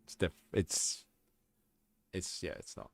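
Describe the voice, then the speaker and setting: A man's voice: slow pace, fairly bright tone, dry recording, faint music behind. A young man with an Australian accent, chatting casually on a live stream and reading out viewer comments. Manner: rambling, reads chat aloud.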